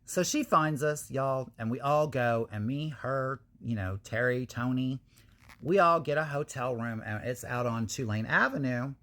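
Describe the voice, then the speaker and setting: A woman hosting her own channel, telling a candid personal story to viewers in casual, animated talk with frequent swearing. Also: very deep voice, unhurried. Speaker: channel host.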